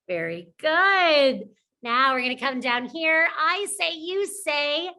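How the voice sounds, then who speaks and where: A woman teaching young children a phonics lesson, slowly sounding out letters and praising often. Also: sits high, expressive, pushed and bright.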